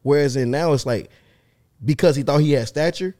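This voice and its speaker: A man co-hosting a podcast, talking in a quick, slangy, earnest way during casual chat. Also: a little high, warm tone, dry recording, studio quality. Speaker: podcast co-host.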